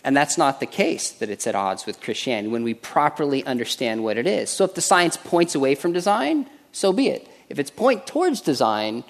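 A man argues his case on a debate stage in an earnest, measured voice. He reasons through each point steadily, at a middling pitch for a man. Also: big pitch swings. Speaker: Christian debater.

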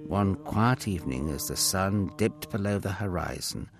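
A man narrating a children's Bible story with expressive storytelling. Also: sits low, normal speed, over music.

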